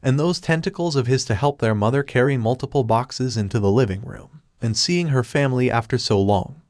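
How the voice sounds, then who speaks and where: A man reads a fan fiction story aloud at a steady, unhurried pace. His voice sits in a middle pitch, recorded close and dry with no room sound. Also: no echo. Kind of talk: scripted narration.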